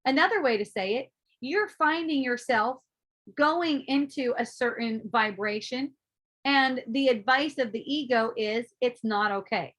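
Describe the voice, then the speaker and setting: Woman, high-pitched, spiritual teacher in casual talk, animated, playful, swears. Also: a little slow. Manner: animated, swearing, acting out her own inner voices, laughing often.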